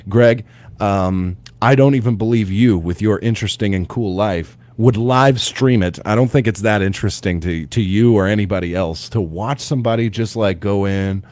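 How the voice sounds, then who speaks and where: A man hosting a morning radio show in a studio, telling stories in a rambling, animated way with lots of restarts. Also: lowish voice, moderate pace. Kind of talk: casual radio chat.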